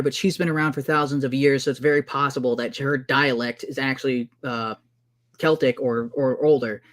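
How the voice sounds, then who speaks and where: A man arguing heatedly in a casual debate, excitable and exasperated, often talking over the other man. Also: mid-range voice, moderate pace.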